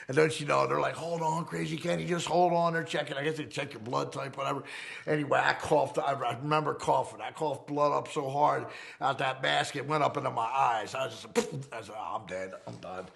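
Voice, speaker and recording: A middle-aged man, telling his story in an interview in a profane, animated way. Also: mid-range voice, gravelly.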